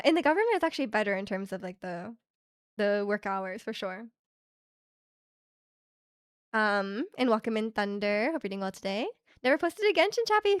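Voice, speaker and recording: A young woman from Canada streaming live, chatting casually and reading her chat aloud, rambling with lots of filler words and quick laughs. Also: fairly high pitch, no room sound, clean studio sound. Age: young adult. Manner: rambling, heavy use of "like" fillers, frequent laughs.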